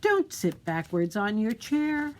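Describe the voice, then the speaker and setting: A woman's voice: mid-range voice, big pitch swings, takes it slowly. A woman voicing a doting mother who sweetly coaxes her son in a read-aloud picture book. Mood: coaxing. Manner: sweet, coaxing.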